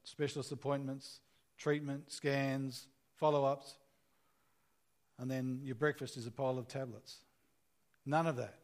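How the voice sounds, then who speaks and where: A man's voice: mid-range voice, flat delivery, a little slow, long pauses. A man preaching a sermon in an earnest, conversational way, asking the listeners questions as he retells a scripture story.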